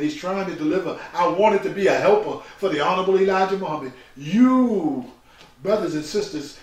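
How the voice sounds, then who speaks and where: An older man gives a preaching personal testimony, emphatic and repetitive, calling listeners brothers and sisters. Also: on the high side. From New York. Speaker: speaker telling his life story. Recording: very echoey room, far from the mic.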